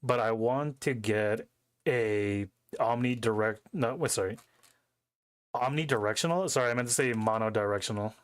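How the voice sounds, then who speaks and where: A man's voice: medium pitch, normal speed, no room sound. A young man streaming from his home desk, rambling casually with a lot of profanity and correcting himself as he goes, into a headset mic right by his face. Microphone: headset mic close to face.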